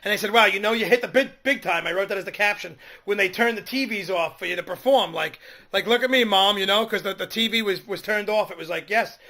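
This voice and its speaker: A man co-hosting a comedy talk show, telling animated stories from the stage and acting out the quotes. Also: sits high, fast talker. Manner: animated storytelling, acts out quotes. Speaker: comedian co-host. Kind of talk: casual comedy radio chat.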